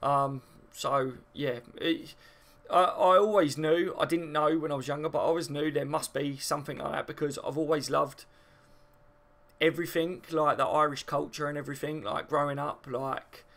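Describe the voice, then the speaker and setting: A man's voice: fairly high pitch, steady tone, normal speed, fairly bright tone. A man from the south of England, chatting casually on a football live stream and answering viewer comments, rambling and full of fillers.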